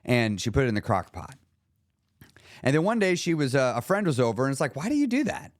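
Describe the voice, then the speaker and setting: Brisk and medium-pitched with big pitch swings, this man hosts a podcast as a weight-loss coach. The recording is dry and clean, studio-quality, and he shares stories casually and motivationally, with the occasional swear word.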